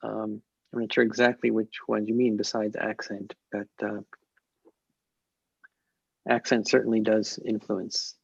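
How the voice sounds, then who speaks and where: A man answering audience questions in an academic webinar, speaking in a measured, hesitant way with many fillers and restarts, over a video call. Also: lowish voice, level tone, gravelly, breathy edge, no room sound. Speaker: invited lecturer answering questions. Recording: muffled lo-fi webinar audio.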